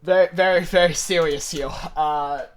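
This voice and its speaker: A man's voice: a little high, fairly even intonation, normal speed, slight background noise. A man giving casual let's-play commentary with joking, mumbled asides. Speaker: gameplay commentator.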